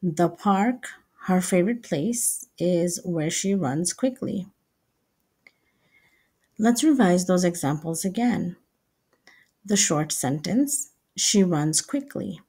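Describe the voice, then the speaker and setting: A woman teaching English writing step by step, slow and deliberate, repeating each example sentence. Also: lowish voice, lively intonation, warm tone, husky.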